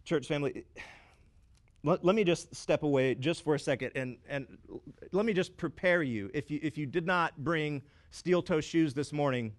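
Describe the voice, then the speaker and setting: A man preaching a sermon as pastor, emphatic and building through repetition, with dramatic pauses and wry asides to the congregation. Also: on the high side.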